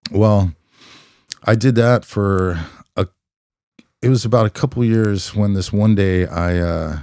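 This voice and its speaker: Middle-aged Californian man, low smooth voice, reflective storyteller, dry close sound. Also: steady tone, a little mellow, dry recording. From California, USA. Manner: reflective, unhurried, many "you know" fillers. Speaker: podcast guest, former police officer. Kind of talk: conversational storytelling.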